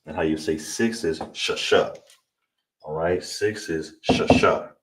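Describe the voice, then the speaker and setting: Deep-voiced man teaching, distant noisy mic. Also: slow pace. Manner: repeats words, frequent "all right?". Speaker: language teacher. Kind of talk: online class lesson.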